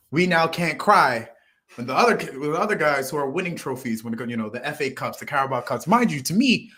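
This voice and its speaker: A man from the United States talks football in a relaxed, rambling way. He restarts his sentences often, and his voice swings between loud bursts and quiet asides. His voice sits at an everyday middle pitch. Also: a little fast. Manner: rambling, restarts phrases, lively swings in loudness. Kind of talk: casual football chat.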